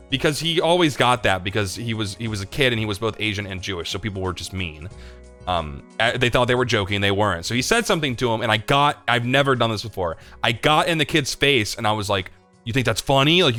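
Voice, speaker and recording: A young man hosting a livestream, answering chat questions in rambling, confessional casual talk, swearing freely and filling pauses with "like" and "um.". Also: mid-range voice, sharp tone.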